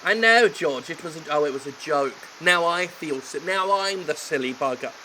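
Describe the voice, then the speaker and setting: A man's voice: on the high side, expressive, normal speed, sharp tone, a little hiss or hum, rough recording. Sardonic man doing game commentary. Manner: sardonic, theatrical asides. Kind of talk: let's play commentary.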